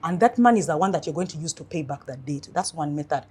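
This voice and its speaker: Woman coach talking money, husky voice, earnest and animated. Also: sits low, fast. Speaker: financial coach. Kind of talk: interview advice talk.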